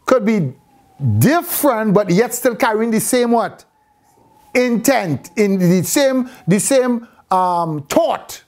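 Brief: male teacher, slightly higher voice, questioning, restarts mid-sentence, classroom lesson. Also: animated, slow, a little mellow. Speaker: Bible teacher. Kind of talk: classroom teaching on Hebrew letters.

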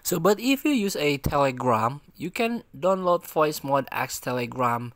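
A man hosting a casual how-to tutorial. He uses simple phrasing and fills pauses with hesitant sounds. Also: fairly high pitch, sing-song, fairly bright tone, no echo. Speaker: tutorial channel host.

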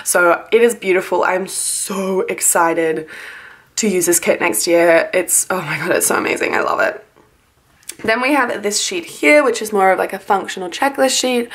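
A young woman chatting casually in a haul video, gushing about what she bought, full of likes and ums, a little sleepy and yawning. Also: medium pitch. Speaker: planner sticker haul vlogger.

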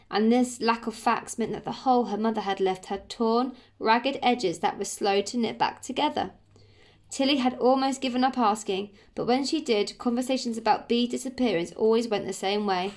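Friendly English woman teacher reading a children's book to her class, slightly high. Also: moderate pace. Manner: friendly, explains as she reads. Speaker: primary school teacher. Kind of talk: reading a story aloud to pupils.

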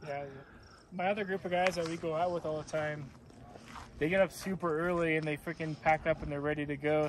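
A man chats about his truck at an outdoor camp. He speaks in a relaxed way with plenty of fillers, and his voice sits a little high. Faint hiss runs under it. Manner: relaxed, talks shop with filler words. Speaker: camper showing his truck. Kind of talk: casual chat. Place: outdoor campsite.

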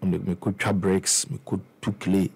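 Here a young Ghanaian musician speaks at normal speed in a low, gravelly voice that is a little mellow and slightly rough, with little pitch movement. Chatting casually about his life, he mixes English with Twi and keeps starting over and repeating himself.

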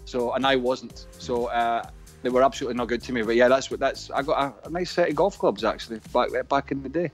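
A man's voice: medium pitch, quick pace, faint music behind. A middle-aged man, a former footballer, telling rambling anecdotes as a pundit with many hesitations. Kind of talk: casual studio chat.

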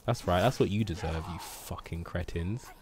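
A man's voice: deep voice, moderate pace. A man streaming gameplay, muttering to himself and swearing in frustration. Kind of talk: casual live gameplay commentary.

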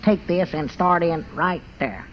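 An actor playing a simple-hearted old storekeeper with a folksy drawl, in 1940s radio comedy style. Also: male voice, a little high, a little slow, close to an everyday voice. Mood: fretful. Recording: dull noisy old radio recording.

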